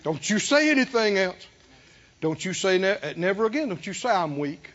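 A man preaching a sermon, fervent and rising to emphatic shouts. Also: high voice, big pitch swings, moderate pace. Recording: dull lo-fi sermon recording.

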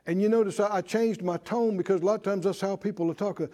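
A man preaching a sermon in an animated way, asking the congregation to answer back and mimicking worried voices. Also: sits high, quick pace.

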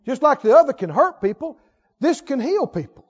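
A man preaching a sermon with animated delivery, leading the congregation in call-and-response. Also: very high voice, moderate pace, lo-fi sound. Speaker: pastor.

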